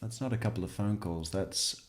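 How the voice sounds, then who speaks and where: A man's voice: on the low side, moderate pace. A man giving casual true crime commentary, sarcastic and mocking as he mimics what he watches.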